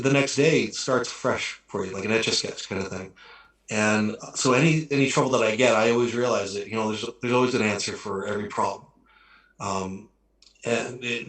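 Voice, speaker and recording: A man's voice: fairly low pitch, fairly bright tone. A man, an actor guest, talking in a casual chat, reflective and rambling, often restarting his sentences. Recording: echoey room.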